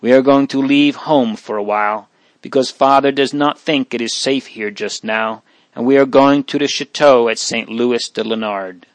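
A man reading aloud, voicing a calm, protective teenage boy who gently reassures his younger siblings. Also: medium pitch, moderate pace, no room sound, close to an everyday voice. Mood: gentle.

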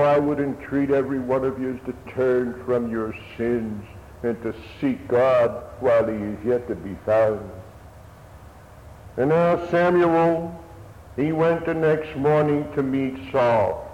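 A man's voice: mid-range voice, a little mellow. A man preaching a sermon in an earnest, old-fashioned manner, his voice swelling and dropping. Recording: echoey hall, dull lo-fi sound, faint hiss.

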